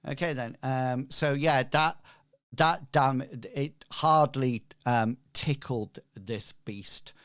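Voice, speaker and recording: A man acting as game master for a tabletop game, pausing often and filling gaps with hesitant ums. He talks slowly in a smooth, clear voice. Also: mid-range voice, a bit bright.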